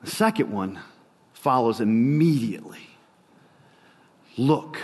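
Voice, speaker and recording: A man preaching a sermon with a slow, dramatic delivery and long pauses. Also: on the high side, in a large hall.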